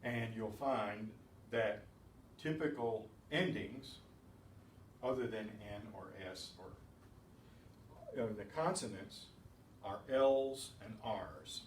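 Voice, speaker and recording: Taking it slowly with long pauses, a man with a lowish voice teaches beginners' Spanish, explaining rules methodically and adding chatty asides. Slight background noise, faint ambience, an echoey room and a distant mic mark the recording.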